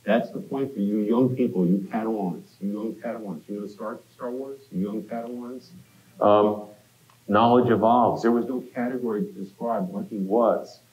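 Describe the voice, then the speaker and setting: A man's voice: lowish voice, steady tone, moderate pace, darkish tone. A man giving a university lecture in a conversational way, speaking directly to the students with quips. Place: lecture hall. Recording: echoey lecture hall.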